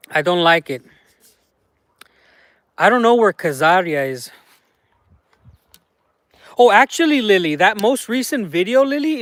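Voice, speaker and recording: Livestream host, high male voice, loose rambling chat, close dry sound. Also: no echo. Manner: relaxed, rambling, many fillers.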